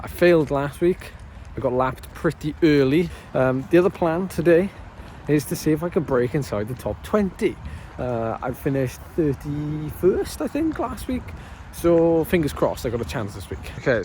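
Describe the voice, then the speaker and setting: A man vlogs casually to camera from a muddy race course, an amateur cyclocross racer cracking jokes at his own expense. His voice is medium-pitched and a little mellow.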